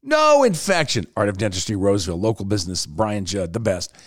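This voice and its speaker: A man hosting his own podcast, telling stories in a casual, animated way with quick swings in tone. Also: deep voice, breathy edge, dry recording, clean studio sound. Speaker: podcast host. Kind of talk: casual solo podcast talk.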